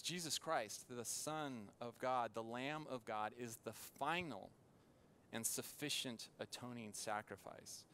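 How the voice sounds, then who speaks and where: Brief: male preacher, mid-pitched, earnest sermon delivery with weighty pauses. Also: a bit bright, a little hiss or hum. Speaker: pastor. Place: church.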